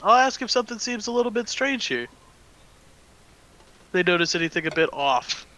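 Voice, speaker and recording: A man's voice: high voice, sing-song, moderate pace, sharp tone, low-quality recording. A man playing a tabletop game, joking and playfully stubborn with the game master. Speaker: player. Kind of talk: casual tabletop game chat.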